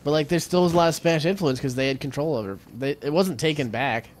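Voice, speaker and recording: A man's voice: on the high side, fast talker, a little hiss or hum. A man co-hosting a let's play, chatting casually and riffing jokily on trivia tangents. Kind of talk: casual gameplay commentary.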